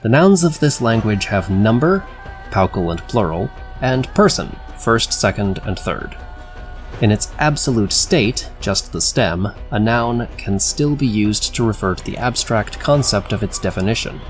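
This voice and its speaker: A man's voice: fairly low pitch, lively intonation, unhurried, soft background music. A man casually explaining the grammar of his invented language, wry and self-correcting, with the odd swear. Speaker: conlang video creator. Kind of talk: casual screen-share lesson.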